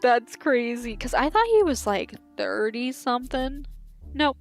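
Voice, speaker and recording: A woman's voice: sits high, sing-song, unhurried, gravelly. A woman in her twenties with a light Southern accent, chatting and giggling with her live-stream chat. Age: 20s.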